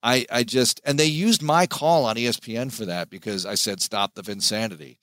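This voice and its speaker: A man, a sports play-by-play announcer, giving an animated, emphatic interview as a podcast guest. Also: mid-range voice, moderate pace, dry recording.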